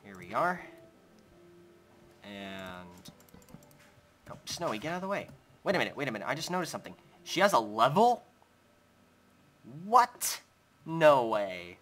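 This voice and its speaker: A man's voice: medium pitch, big pitch swings, normal speed, pauses often, a bit bright, slight background noise. A young man hosting a Minecraft let's play, chatting casually as he builds and talking to his in-game pet. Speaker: gaming channel host.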